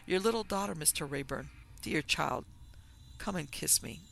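A man reading a flattering, effusive gentleman in an audiobook, full of elaborate courtesy. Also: a little high, normal speed, gravelly, a little hiss or hum, exaggerated voice. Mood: gushing. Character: oily, flattering middle-aged gentleman.

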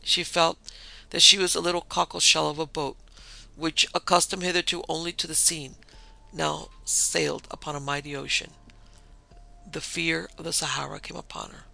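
A man narrating an audiobook in an expressive, measured reading. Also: fairly high pitch, vocal fry, rough recording. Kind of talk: scripted narration.

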